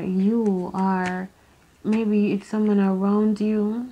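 A woman's voice: mid-range voice, fairly even intonation, measured pace, mellow. A woman doing an unscripted tarot reading to camera, musing aloud, rambling and swearing as she goes. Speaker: tarot reader.

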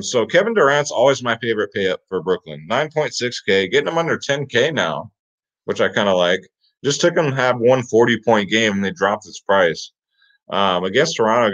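A man's voice: lowish voice, lively intonation, normal speed, fairly bright tone. A man hosting a fantasy sports picks show, talking casually and with energy, often repeating "guys" and "get him in there". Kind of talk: casual hyped picks rundown. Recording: slightly dull lo-fi audio.

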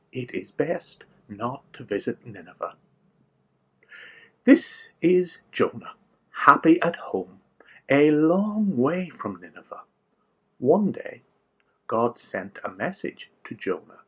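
A man telling a story to children in an animated, playful, exaggerated way, on a dull lo-fi recording. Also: medium pitch, creaky, breathy edge.

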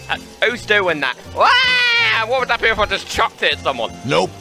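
Man, VR gameplay commentary, high lively voice, joking and yelling. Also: measured pace, creaky, over loud music, low-quality recording. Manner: playful, laughing, yelling during fights. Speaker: gaming YouTuber.

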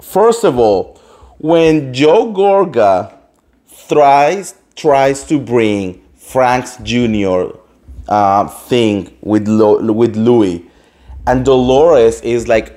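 Guy dishing gossip, animated, keeps acting out quotes, calls everyone girl. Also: medium pitch, extremely slow. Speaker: host. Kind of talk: casual gossip chat.

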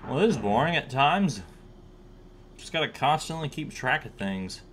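A man's voice: medium pitch, lively intonation, normal speed, fairly bright tone, a little hiss or hum. A young man, almost twenty, talking casually while playing a game, repeating license plates aloud and reacting nervously. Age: young adult. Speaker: gaming YouTuber. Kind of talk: live game commentary.

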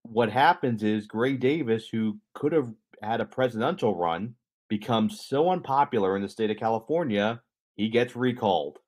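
Man, podcast co-host, casual storytelling, slightly low voice, jokey asides. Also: moderate pace, a little mellow. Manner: conversational, jokey, explains history to co-host.

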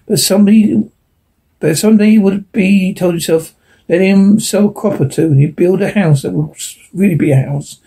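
A man narrating a science fiction story as an audiobook, steady, with occasional slips and restarts. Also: sits high, husky.

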